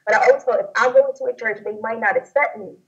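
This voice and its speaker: A young woman sharing a personal testimony in an interview, talking in a rambling, halting way with many fillers and restarts. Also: on the high side. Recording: dull lo-fi audio.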